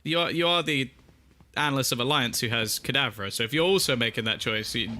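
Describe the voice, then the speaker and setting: A man's voice: medium pitch, lively intonation, brisk, pushed and bright, faint music behind. A man casting a live esports match over a headset, breaking down the plays analytically and building up during the big moments. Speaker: esports caster.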